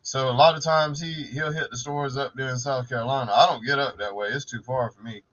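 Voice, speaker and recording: Chill cussing guy on a late-night stream, brightish voice, muffled lo-fi audio. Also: mid-range voice, fairly even intonation, a little fast. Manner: laid-back, profane, laughs often. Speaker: live stream co-host. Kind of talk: casual late-night live stream chat.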